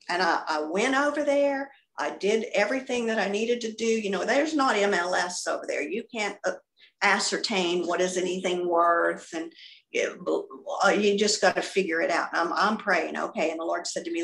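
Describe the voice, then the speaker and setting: A middle-aged woman giving a personal testimony over a video call, an animated storyteller who acts out the dialogue. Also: lowish voice, moderate pace, reverberant, a little hiss or hum. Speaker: ministry speaker giving testimony. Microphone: video call computer mic.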